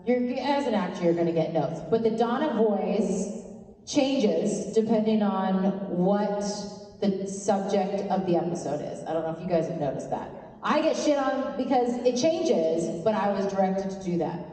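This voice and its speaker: A woman from Canada, a guest on a convention panel, answering fans in a lively, laughing way and swearing freely. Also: medium pitch, moderate pace. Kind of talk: live fan Q&A. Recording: echoey convention hall from far off.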